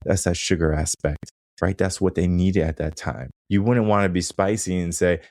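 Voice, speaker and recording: A man's voice: deep voice, normal speed, darkish tone, dry recording, studio quality. A man hosting his own coaching podcast, talking casually and often checking in with "right?". He livens up when acting out things he or others say. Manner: casual, conversational, frequent "right?" tag questions. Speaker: podcast host and mindset coach. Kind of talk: solo podcast monologue.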